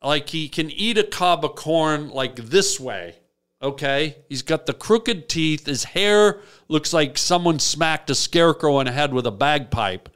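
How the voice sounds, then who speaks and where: A man hosting a comic call-in show, telling absurd stories in a deadpan rambling way. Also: on the high side, a little slow, smooth. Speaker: radio call-in host. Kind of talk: comic radio storytelling.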